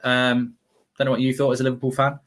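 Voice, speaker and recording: A man's voice: medium pitch, monotone, fast talker, fairly bright tone. A man hosting a football stream, full of brash, mock-boastful banter. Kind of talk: casual live-stream chat.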